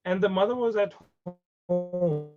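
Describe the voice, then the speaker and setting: Over dull, lo-fi video call audio with soft background music, a man with an Indian English accent tells a webinar story in a high-pitched, unhurried voice. His delivery is conversational, full of repeated words and occasional Hindi.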